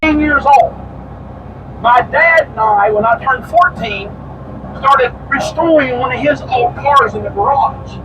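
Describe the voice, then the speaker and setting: A man working as a tour boat captain, giving a narrated tour and acting out what tourists said. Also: extremely high pitch. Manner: animated storyteller who acts out tourists' lines. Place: aboard an amphibious tour boat outdoors. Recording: distant mic, loud engine noise. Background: vehicle engine.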